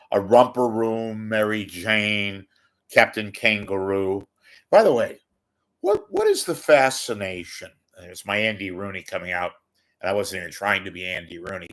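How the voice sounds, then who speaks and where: A man's voice: lowish voice, fairly bright tone. A man hosting a rambling, self-mocking livestream monologue, often repeating words as he talks close to his webcam. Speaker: livestream host. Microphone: webcam close to face.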